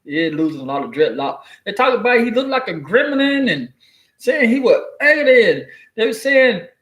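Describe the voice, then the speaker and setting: A man's voice: very high-pitched, a bit bright, reverberant. A man giving casual spoken commentary, loose and profane, telling stories with mock quotes. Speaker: commentary vlogger.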